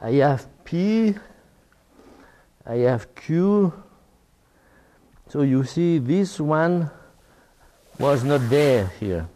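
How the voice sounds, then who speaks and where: A man's voice: fairly high pitch, animated, warm tone. An older French man giving an academic talk in English, with many fillers and restarts. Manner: halting, with frequent fillers and restarts. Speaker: lecturer.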